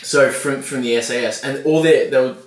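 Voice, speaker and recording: A man is talking on a podcast in a blunt, earnest way, with casual swearing. His voice sits at an everyday middle pitch. The poor recording carries a lot of room echo. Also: fairly quick, distant mic. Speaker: podcast co-host. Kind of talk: casual chat. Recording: echoey, low-quality podcast audio.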